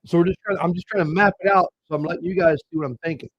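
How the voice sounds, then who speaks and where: A man's voice: sits high, steady tone, very fast, husky, dry recording, muffled recording. A man hosting a live trading show, casually talking viewers through chart levels. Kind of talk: live market commentary.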